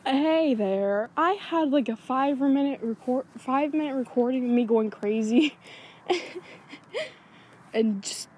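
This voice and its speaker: A woman's voice: high voice, animated, slow, a little mellow, slight background noise. A woman rambling to herself in a casual vlog outdoors at night, scatterbrained and easily distracted, recorded on a handheld iPod. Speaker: vlogger. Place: outdoors at night on a backyard swing in the cold. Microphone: handheld iPod camera.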